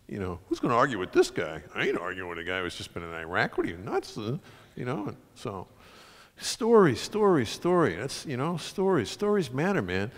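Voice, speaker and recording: Animated male author in a reverberant hall. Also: mid-range voice, a little fast. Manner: animated, acts out quoted voices, ranting. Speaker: author giving a talk. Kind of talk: storytelling talk to an audience. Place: concert hall, school.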